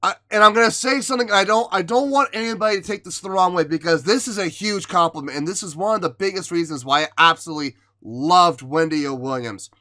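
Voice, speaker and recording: Bright-voiced man reacting with emotion. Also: high-pitched, fast talker, few pauses. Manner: exclaiming, emotional, thinks aloud with restarts and sighs. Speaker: music reaction host. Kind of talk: casual reaction commentary.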